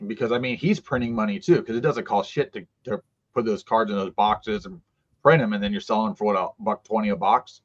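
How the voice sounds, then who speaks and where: A man's voice: on the low side, fairly quick, lo-fi sound. A man co-hosting a trading card stream, talking in a rambling way with lots of fillers and restarts. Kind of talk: casual chat.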